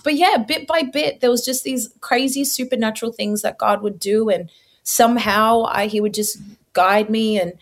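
Young woman, interview guest, faith testimony, lively retelling, acts out her own past words. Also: on the high side, moderate pace.

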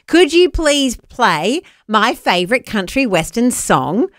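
A woman's voice: a little high, big pitch swings, takes it slowly, a bit bright, no echo, clean studio sound. An Australian woman co-hosting a radio show, chatting casually and laughing often. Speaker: radio co-host.

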